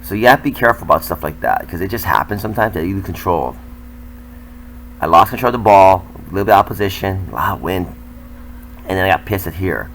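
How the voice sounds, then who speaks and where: A man's voice: sits low, expressive, quick pace, a bit bright, a little hiss or hum, poor audio. An older man, a tennis coach, talking candidly and self-critically as he comments over footage of his own match.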